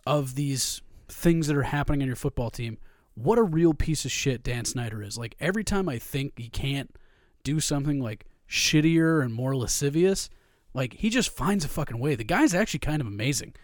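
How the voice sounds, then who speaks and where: A man on a sports podcast, ranting hard and swearing freely about the game. His voice sits in a middle pitch, recorded close and dry with almost no room sound. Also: expressive, moderate pace, no echo. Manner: profane, ranting, heated. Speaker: podcast co-host. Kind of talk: casual sports chat.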